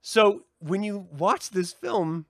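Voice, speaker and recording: A man hosting his own podcast, a profane, heated rant that swings between shouting and calmer explaining, recorded indoors. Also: high-pitched, takes it slowly, dry recording, studio quality. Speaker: podcast host. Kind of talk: ranting solo podcast. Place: indoor room.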